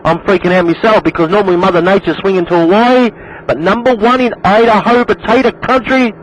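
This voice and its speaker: A man's voice: sits high, steady tone, a little fast. An Australian man chatting over CB radio, repeating himself and calling the other operator man. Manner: repetitive, calls everyone man. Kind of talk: casual CB radio chat. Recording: noisy radio skip.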